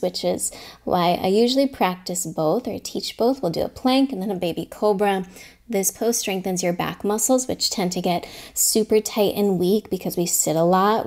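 Calm woman cueing a yoga class. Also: medium pitch. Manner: calm step-by-step cueing, some words whispered. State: slightly out of breath. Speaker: yoga teacher. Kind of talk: guided yoga class instruction.

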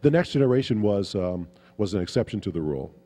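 A man's voice: fairly low pitch, fast talker, big-room sound. A man, a guest actor at a convention panel, telling stories loosely with chuckles and fillers. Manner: relaxed, chuckling, rambling with fillers. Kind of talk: anecdotal storytelling at a Q&A.

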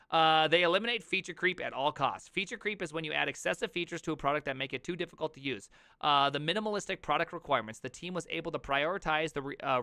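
Bright, animated male streamer. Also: a little high, clear, resonant tone, no room sound, studio quality. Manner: animated, jokey, reads aloud then riffs with loud outbursts. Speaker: streamer reacting to an article. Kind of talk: live stream reaction.

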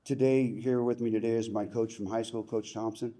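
A man's voice: mid-range voice, steady tone, a little fast, mellow. A middle-aged man giving an emotional hall of fame acceptance speech in a plainspoken, folksy way with casual slang. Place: banquet hall ceremony.

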